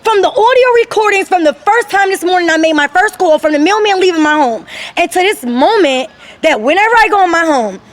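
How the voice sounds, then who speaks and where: Upset middle-aged woman ranting into her phone, high voice, going on and on. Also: lively intonation, a little fast. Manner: emphatic, rambling, aggrieved. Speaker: vlogger filming her own channel. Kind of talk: emotional personal vlog.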